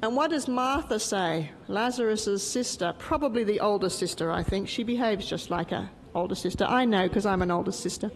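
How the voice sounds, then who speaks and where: A woman's voice: medium pitch, moderate pace, hardly any pauses. A middle-aged woman teaching a Bible lesson as a story and quizzing her group so they fill in the blanks. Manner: lively, asks the group questions and waits for answers. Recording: reverberant hall with faint background noise.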